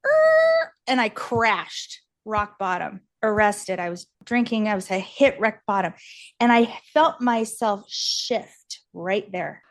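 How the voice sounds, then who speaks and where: A woman as a podcast guest, telling a candid personal story in an animated, earnest way, laughing often and acting out what others said. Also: medium pitch, dry recording. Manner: animated, laughs often, acts out quoted voices; earnest and encouraging.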